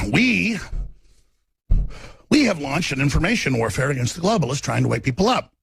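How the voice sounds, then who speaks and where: A man hosting a talk radio show, delivering a furious, shouting tirade with stammered restarts. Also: on the high side, vocal fry, husky, no echo. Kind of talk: angry ranting talk radio monologue.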